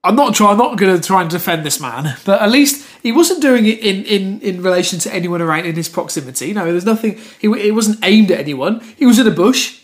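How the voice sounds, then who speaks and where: A man co-hosting a casual podcast, reacting with quick, laughing, wry comments. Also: high voice, animated. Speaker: podcast co-host.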